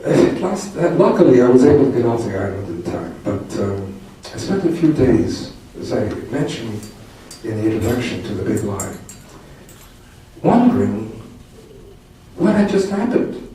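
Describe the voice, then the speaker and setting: A man's voice: mid-range voice, sing-song, normal speed, warm tone. An older man, a poet and commentator, telling a personal story to an audience in a reflective, wry way with frequent restarts. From Canada. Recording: distant mic in a very echoey hall with noise.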